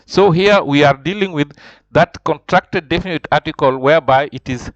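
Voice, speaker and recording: A man's voice: on the high side, normal speed, dry recording. A man teaching beginner French in an informal online lesson, explaining patiently and circling back to rephrase himself. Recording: dull lo-fi voice recording.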